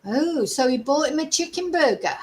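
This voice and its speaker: Older woman, high-pitched, chatty, exasperated, rambling live-stream host. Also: expressive, normal speed, a little mellow, poor audio. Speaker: true crime channel host. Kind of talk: casual live-stream commentary.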